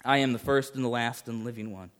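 A man preaching a sermon as pastor, emphatic, swinging between urgent rises and hushed passages. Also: medium pitch, fairly even intonation, fast.

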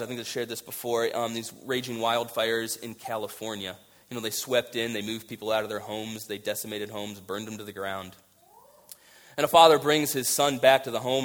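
A man preaching a sermon, moving between hushed, quiet passages and loud, emphatic rises, with casual conversational asides mixed in. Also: mid-range voice. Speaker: pastor.

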